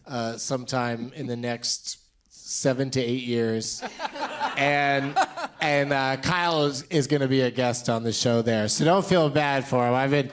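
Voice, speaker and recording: A man's voice: mid-range voice, steady tone, measured pace. A man hosting a live comedy podcast on a club stage, teasing his guests and laughing often. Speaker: podcast host. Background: live audience laughter.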